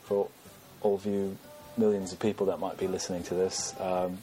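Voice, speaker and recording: A man's voice: low-pitched, little pitch movement, normal speed, warm tone, soft background music. A man hosting a podcast, chatting casually in a rambling, self-deprecating way with many fillers. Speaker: podcast host. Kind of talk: casual chat.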